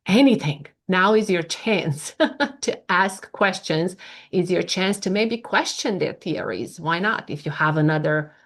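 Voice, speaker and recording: Effusive low-voiced woman hosting a video panel. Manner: effusive, halting with restarts. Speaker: host. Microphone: video call.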